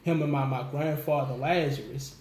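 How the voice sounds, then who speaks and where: A man on a radio interview, telling stories in an animated way and laughing often. His voice sits a little high for a man. The room is echoey, with faint noise behind him. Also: normal speed. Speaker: musician guest. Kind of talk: casual interview storytelling.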